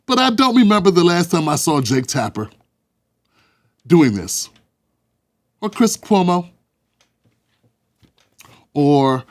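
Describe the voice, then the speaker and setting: A man hosts a casual political commentary show with a somewhat raised pitch. He rambles and laughs at his own jokes in a mocking tone. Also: very animated, slow pace, pauses often.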